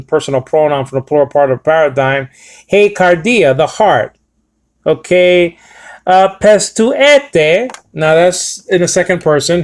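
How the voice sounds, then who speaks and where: Emphatic man teaching Bible Greek. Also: on the high side. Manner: emphatic, repeats words, frequent "okay?" check-ins. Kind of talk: screen-shared Bible lesson with Greek text.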